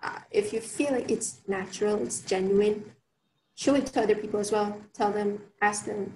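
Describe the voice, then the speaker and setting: A woman's voice: mid-range voice, normal speed, mellow, slight background noise. Chatty woman in an echoey room. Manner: chatty, many fillers and restarts. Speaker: workshop speaker. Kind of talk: online workshop talk. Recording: roomy sound with faint ambience.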